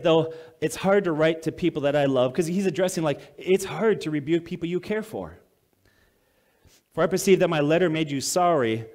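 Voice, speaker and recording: A pastor preaching a sermon in a conversational way, reading scripture aloud, then explaining it plainly and asking the congregation questions. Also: male voice, a little high, a little mellow.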